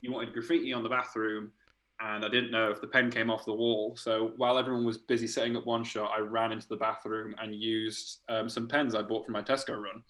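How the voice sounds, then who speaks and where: A man, an art director, casually telling animated stories in a podcast chat, laughing and swearing as he goes. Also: lowish voice, a little fast, rough recording.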